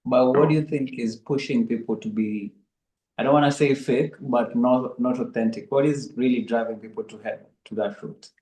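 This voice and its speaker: A man hosts an interview with a mellow, dark tone. He gives brief acknowledgements and asks plain questions. His voice carries a roomy echo. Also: mid-range voice, normal speed. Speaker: podcast host.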